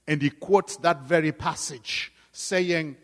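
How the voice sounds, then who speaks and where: A man preaching a sermon with great dynamic swings, dropping to hushed tones and rising to loud cries. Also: fairly high pitch, steady tone, takes it slowly. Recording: long hall reverb.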